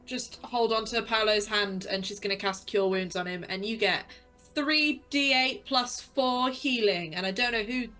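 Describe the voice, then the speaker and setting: A woman playing a tabletop game, talking fast and chattily about the rules. Faint music plays underneath. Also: a little high, sharp tone. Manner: quick, chatty rules talk. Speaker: player.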